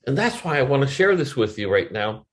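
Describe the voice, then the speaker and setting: Sing-song and fairly quick, a middle-aged man's mid-range voice carries a motivational webinar talk in which he tells an open, emotional story from his own life, swearing loosely. He imitates others with changing voices as his volume swells and drops.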